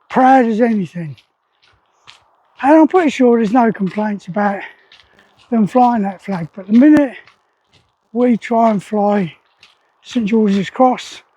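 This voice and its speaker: A man's voice: high voice, mellow, lo-fi sound. A man talking casually to camera in a rambling, opinionated way, with lots of fillers. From England. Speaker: vlogger.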